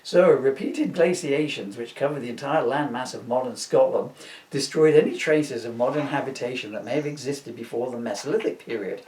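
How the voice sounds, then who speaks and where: A man's voice: medium pitch, a little fast, a little mellow. Man reading his comic book, roomy and distant. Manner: chuckles at his own jokes, breaks off to chat. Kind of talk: comic reading aloud with off-the-cuff asides.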